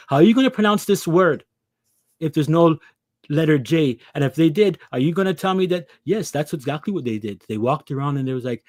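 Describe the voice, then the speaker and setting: A man's voice: fairly high pitch, animated, normal speed, darkish tone, dry recording, studio quality. A man preaching an impassioned scripture lesson, pressing his listeners with rhetorical questions. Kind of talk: impassioned religious teaching.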